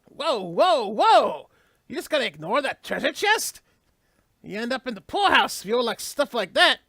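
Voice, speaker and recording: A man's voice: very high-pitched, very animated, moderate pace, sharp tone, no echo, clean studio sound, voice pushed up, exaggerated voice. A man voicing a tiny, brash male sprite companion with a put-on Southern accent, boastful and teasing.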